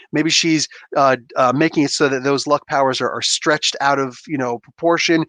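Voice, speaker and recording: A man talking casually on a live stream, chatty, laughing often and acting out quotes in higher voices. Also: fairly bright tone, no echo. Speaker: comic book reviewer.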